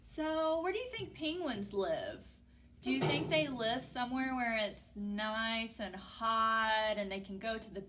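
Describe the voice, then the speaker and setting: A woman's voice: a little high, slight background noise. A young woman hosting a children's story time, talking to little kids in an exaggerated, playful way with a singalong. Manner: bright, animated, exaggerated for children. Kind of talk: preschool lesson with singalong.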